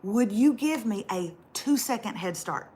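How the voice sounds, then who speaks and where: A man's voice: sits high, animated, a little slow, dark tone, pitched below the performer's own voice. A woman voicing a polite, eager young man who asks sheepish favors while she tells a story. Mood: sheepish pleading.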